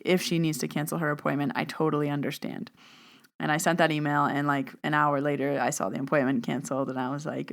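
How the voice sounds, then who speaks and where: A woman's voice: on the low side, fairly bright tone, clear, resonant tone. A woman hosting a podcast, telling a personal story in a casual, chatty way, full of "like" and acted-out back-and-forth dialogue. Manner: chatty, peppered with "like", acts out quoted exchanges. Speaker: podcast host and medium.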